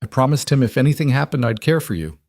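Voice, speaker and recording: A man's voice: medium pitch, expressive, quick pace, darkish tone, no room sound, clean studio sound, voice pushed up. Margaret, a man voicing a bitter aunt. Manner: bitter, emotional. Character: middle-aged aunt, bitter and desperate.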